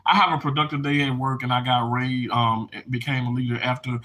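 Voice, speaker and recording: A man live streaming casually to his chat, emotional and animated, laughing and tearing up as he talks. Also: medium pitch, a little fast, hardly any pauses.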